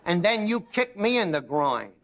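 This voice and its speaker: A man voicing a big gruff farmer who speaks bluntly and stubbornly. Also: sits high, big pitch swings, normal speed, a bit bright, full character voice. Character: big gruff older male farmer defending his property.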